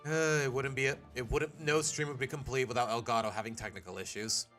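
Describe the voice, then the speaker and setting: A man's voice: medium pitch, steady tone, brisk, a bit bright, soft background music. A young man chatting casually while live-streaming a game, joking and reading game dialogue aloud.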